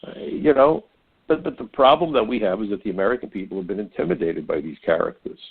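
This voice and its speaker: This older talk radio host talks fast in a fairly low voice with vocal fry and a breathy edge. His conservative monologue is folksy and opinionated, full of stories and stammered, repeated words. The audio is narrow, like a phone line.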